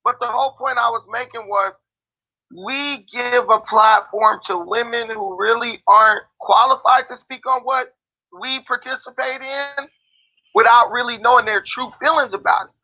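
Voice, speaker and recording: High-voiced man, hesitant. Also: steady tone, normal speed, bright, forceful tone, poor audio. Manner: hesitant, stumbling. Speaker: livestream guest. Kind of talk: livestream panel chat.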